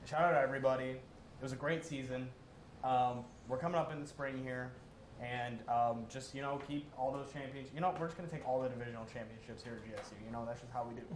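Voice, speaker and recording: A man's voice: mid-range voice, fairly even intonation, quick pace. A young man co-hosting a casual esports recap, joking as he rattles off player names. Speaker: co-host. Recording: echoey room, faint noise.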